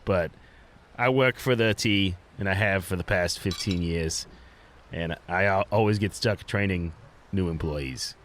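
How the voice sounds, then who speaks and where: A man voicing a weary veteran male transit worker with a French Canadian accent, dry and deadpan. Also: low voice, a little slow, a little hiss or hum.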